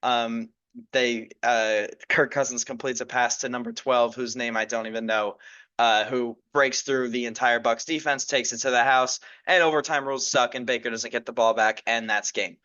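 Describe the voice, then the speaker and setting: Young male podcast host, bright tone, loose rambling delivery full of ums, slightly lo-fi. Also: medium pitch, fairly even intonation, moderate pace. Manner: casual, rambling, many fillers and restarts. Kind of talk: solo sports podcast chat.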